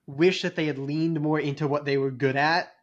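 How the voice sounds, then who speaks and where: Hesitant man with a slightly high voice. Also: fairly even intonation, moderate pace, dull audio. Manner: loose, hedging, heavy with fillers. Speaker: podcast co-host. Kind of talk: casual chat.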